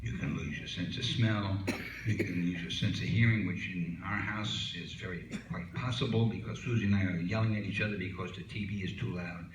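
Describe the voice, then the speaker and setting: A man's voice: deep voice, steady tone, a little fast, background noise. An older man doing a stand-up routine, a rambling, folksy joke teller who leans on "you know" fillers. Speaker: stand-up comic. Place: small comedy club stage. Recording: echoey room from far off.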